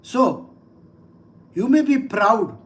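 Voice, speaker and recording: A man's voice: sits high, big pitch swings, extremely slow, exaggerated voice. A man voicing a divine boar god who sarcastically pretends to be afraid of a demon, pleading in a whiny, mocking tone. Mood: taunting.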